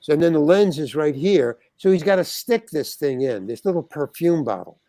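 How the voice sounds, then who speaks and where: Older man spinning an animated yarn. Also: on the high side, moderate pace, dry recording. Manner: animated, acts out other people's voices, many fillers. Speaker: podcast guest. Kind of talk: rambling anecdotal storytelling.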